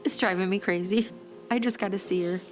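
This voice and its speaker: A woman's voice: medium pitch, fairly even intonation, fairly quick, over loud music. A woman relative speaking in a heartfelt, emphatic interview. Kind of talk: emotional interview.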